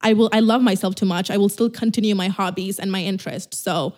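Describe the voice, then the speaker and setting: A woman's voice: medium pitch, steady tone, fast, darkish tone. Blunt, swearing young woman podcaster. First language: not English. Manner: blunt, swears, acts out dialogues. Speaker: podcast host. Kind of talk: casual solo podcast advice talk.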